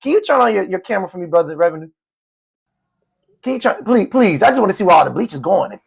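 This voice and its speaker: A man's voice: sits high, big pitch swings, fast talker, creaky, slightly rough. A man hosting a live discussion, blunt and mocking, repeating phrases as he presses his point. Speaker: live stream host.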